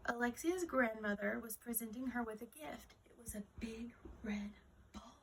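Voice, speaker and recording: Woman storyteller, fairly high, gravelly voice, soft reading of a children's tale. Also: normal speed, a little hiss or hum.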